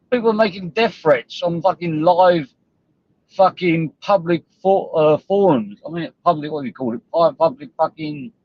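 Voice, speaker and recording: A man's voice: fairly high pitch, dry recording, lo-fi sound. A man ranting on a livestream, sweary, confrontational and rambling. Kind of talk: livestream rant.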